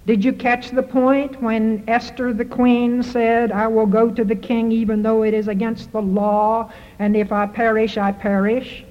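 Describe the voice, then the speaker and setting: A woman's voice: on the high side, flat delivery, a little slow, hardly any pauses. A woman preaching a sermon, driving her points home with repeated rhetorical questions. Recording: muffled hall recording with reverb.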